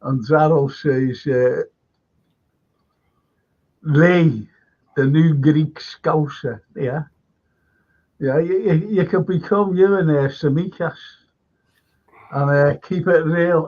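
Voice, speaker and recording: A man hosts a casual livestream chat, his voice sitting a little high. He rambles through anecdotes, restarting sentences as he goes. The stream audio is dull and lo-fi. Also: slow pace, long pauses, darkish tone. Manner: rambling storyteller with many restarts and laughs. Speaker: livestream host.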